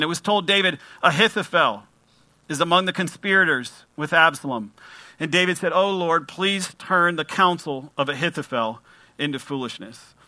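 Guy preaching a sermon, super bright voice, dry close sound, chatty then reads verses with punch. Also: on the high side, no room sound. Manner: conversational preaching, reads scripture aloud with emphasis. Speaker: pastor.

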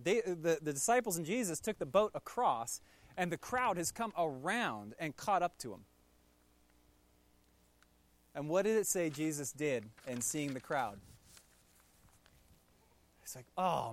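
A man with a slightly raised voice gives a relaxed, conversational sermon. He tells the story with playful asides and speaks to his listeners directly. The recording is dry and close. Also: on the high side, no echo. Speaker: pastor.

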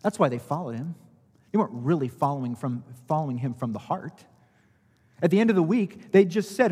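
A man's voice: a little high, moderate pace, darkish tone, husky. A man preaching a conversational expository sermon as pastor, explaining by analogy and swelling when he stresses a point. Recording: reverberant hall.

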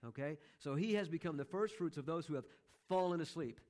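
A middle-aged pastor preaches emphatically, repeating key phrases and slowing down to stress them. His voice is fairly high in pitch but darkish in tone.

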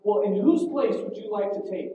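A man's voice: sits high, moderate pace, mellow, far from the mic, natural voice. A male preacher voicing a harsh, cruel Nazi camp commandant who screams his orders, in an echoey hall. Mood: cold.

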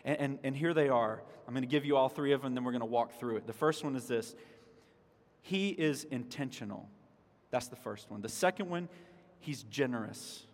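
A man's voice: mid-range voice, moderate pace. A man preaching a sermon as pastor, earnest, with repeated words and restarts. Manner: dramatic shouts when voicing the psalm's cries. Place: church sanctuary. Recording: long hall reverb.

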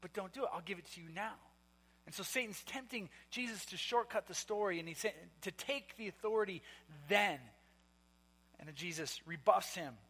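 A man's voice: sits high, normal speed, sharp tone, breathy edge. Guy preaching, chatty sermon full of um and uh, long reverb like a big church. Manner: conversational storytelling with many restarts and fillers. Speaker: pastor.

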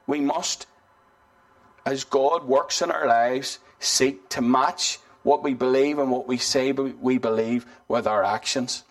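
A man's voice: medium pitch, fairly even intonation, slow. A man preaching a sermon in an earnest, conversational way, often restarting and saying "you know".

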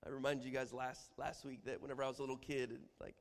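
A man giving a lively, humorous church teaching, acting out prayers as he explains them. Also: mid-range voice, rapid-fire, hardly any pauses. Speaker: Bible teacher. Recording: long hall reverb.

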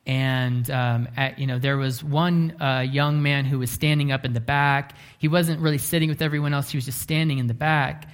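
A man preaching a sermon, telling a story earnestly, slowing down and dropping to a hush for emphasis. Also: medium pitch, fairly even intonation, clear, resonant tone. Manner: earnest, often slows down and drops to a hush for emphasis. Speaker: pastor.

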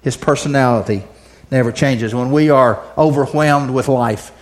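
A man's voice: medium pitch, normal speed. A male pastor preaching a sermon in a repetitive, building cadence.

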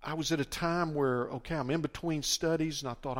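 A man's voice: fairly high pitch, a little fast, hardly any pauses. An older man preaching a sermon as the pastor, emphatic and often repeating and restarting his words.

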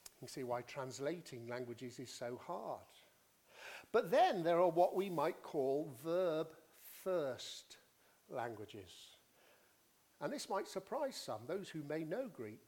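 Male preacher, unhurried expository teaching, voice rising and falling a lot, repeats for emphasis. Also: a little high, big pitch swings, a little mellow. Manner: deliberate teaching, emphatic repetition. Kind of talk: expository sermon.

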